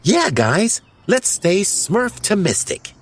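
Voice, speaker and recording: A man voicing a sweet, upbeat female Smurf in an audio storybook, squealing high. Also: sing-song, slow, husky, full character voice. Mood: cheery. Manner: high bright squeals and shrieks.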